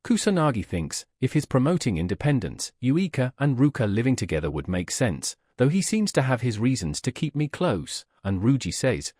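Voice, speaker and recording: A man's voice: mid-range voice, sing-song, normal speed, hardly any pauses, a little mellow, slightly rough, no room sound, studio quality. A man narrating a comic recap in a scripted way, reading every part in one plain voice. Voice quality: reads all parts in one plain voice.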